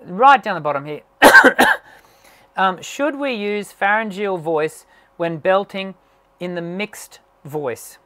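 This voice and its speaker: A man's voice: high voice, expressive, slow pace, pushed and bright. Man with a strained, recovering voice. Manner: explanatory, full of fillers and restarts. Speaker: voice teacher. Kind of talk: live online Q&A.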